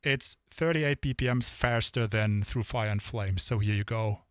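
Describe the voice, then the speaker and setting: A man's voice: fairly low pitch, moderate pace, clean tone, no echo, studio quality. A man streaming drum sessions, chatting casually and rambling to viewers between songs. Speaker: drumming live streamer.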